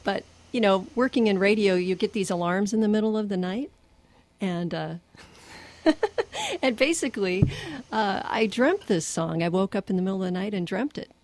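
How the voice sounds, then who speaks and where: A woman's voice: mid-range voice, moderate pace, a little mellow. A woman singer-songwriter guesting in a radio studio, chatting casually and laughing easily.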